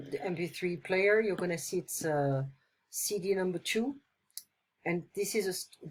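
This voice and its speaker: A woman's voice: lowish voice, a little hiss or hum. A woman teaching English in a casual lesson, chatting as she explains phrases with playful examples.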